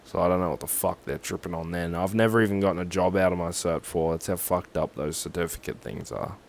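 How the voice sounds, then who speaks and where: A man's voice: sits low, fairly even intonation, fast talker, a little hiss or hum. A young Australian man with an Australian accent, rambling sarcastically and swearing as he talks through a form on a casual livestream.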